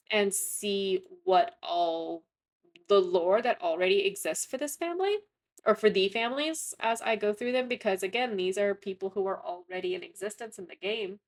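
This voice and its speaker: A woman's voice: mid-range voice, normal speed. A young woman chatting casually through gameplay commentary, rambling and often correcting herself mid-sentence. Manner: rambling, chatty, frequent self-corrections and fillers. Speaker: gaming content creator.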